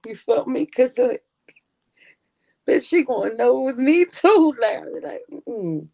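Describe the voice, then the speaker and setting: Woman, slightly high voice, animated storyteller, slangy, profane, casual podcast chat. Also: unhurried, creaky. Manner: animated storyteller acting out quotes in other voices. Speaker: podcast guest.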